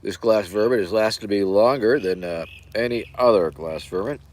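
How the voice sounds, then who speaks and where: A hoarse man hosting a livestream, rambling in deadpan jokes with plenty of fillers. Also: on the low side, moderate pace. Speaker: livestream host. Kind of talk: casual stream chat.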